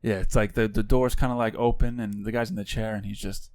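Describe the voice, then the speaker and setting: A man co-hosting a podcast, chatty and quick to react in casual talk. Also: on the low side, steady tone, darkish tone, no room sound, studio quality. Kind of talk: casual chat.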